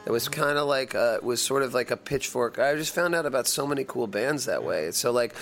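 A man's voice: mid-range voice, animated, brisk, creaky, fairly bright tone, faint music behind. A middle-aged man, a touring musician from the United States, talking casually in an interview and rambling with restarts and fillers.

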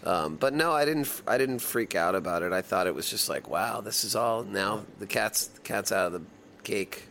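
A man's voice: lowish voice, animated, normal speed, gravelly, sharp tone, a little hiss or hum. A middle-aged man, a touring musician from the United States, talking casually in an interview and rambling with restarts and fillers.

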